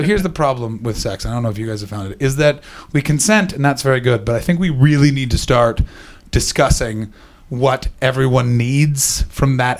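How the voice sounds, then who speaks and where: Profane stand-up comedian man. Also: medium pitch. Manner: loud, profane, rapid banter. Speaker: comedian host. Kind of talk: stand-up crowd work and storytelling. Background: audience laughter.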